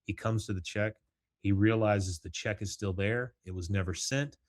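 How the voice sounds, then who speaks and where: A man's voice: fairly low pitch, normal speed. A middle-aged man hosting a solo podcast, recapping a cartoon episode in a rambling, casual way with chuckling asides. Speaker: podcast host. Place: home, with morning coffee.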